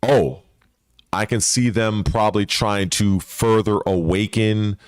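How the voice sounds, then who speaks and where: Low-voiced man rambling profanely. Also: fairly even intonation, slow pace, clean tone, dry recording, clean studio sound. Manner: rambling and profane, with frequent restarts. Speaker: gaming channel host. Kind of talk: casual speculative commentary.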